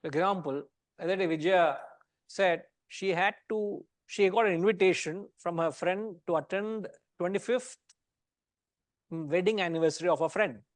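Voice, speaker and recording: Indian english guy teaching gita class, kinda high voice, jokey chatty tone, dry close sound. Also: moderate pace, no room sound. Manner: conversational, teasing, mixes in Indian words. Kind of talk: lecture to a study class.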